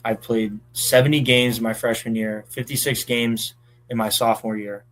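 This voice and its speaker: Easygoing young ballplayer telling stories. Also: male voice, mid-range voice, moderate pace, soft background music. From southeastern Pennsylvania. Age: around 20. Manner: relaxed storytelling with many fillers. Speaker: college baseball player, guest. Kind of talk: casual chat.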